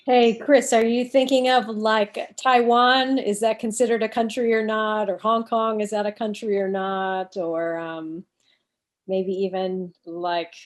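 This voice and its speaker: A woman's voice: medium pitch, little pitch movement, measured pace. Hesitant woman co-hosting a webinar. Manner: hesitant, with fillers. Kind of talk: casual chat.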